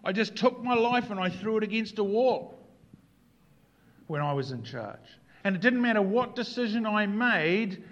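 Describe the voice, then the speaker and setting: Earnest male preacher, slightly high voice. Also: moderate pace, highs cut off. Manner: earnest, swings from hushed reflection to animated emphasis. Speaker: pastor. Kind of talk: sermon.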